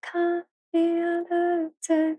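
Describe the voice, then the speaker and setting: A woman's voice: extremely high pitch, monotone, takes it slowly, mellow. A young woman streaming live from her kitchen, chatting casually with viewers and her pets, laughing often and swearing freely. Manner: giggly, swears freely, talks to chat and pets. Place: home kitchen.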